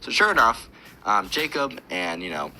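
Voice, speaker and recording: A man's voice: on the low side, sing-song, moderate pace, sharp tone, a little hiss or hum. A man casually telling a rambling story over gameplay, with lots of fillers.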